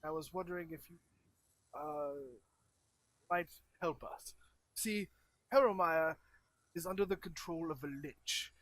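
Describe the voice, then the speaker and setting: A man's voice: fairly high pitch, unhurried, long pauses, fairly bright tone, no echo. A man voicing a formal, earnest male druid envoy who pleads for help.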